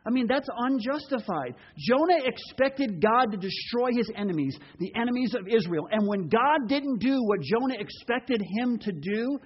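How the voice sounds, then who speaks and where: A man preaching a sermon in an animated way, acting out quoted voices. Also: very high-pitched, dull audio. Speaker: pastor.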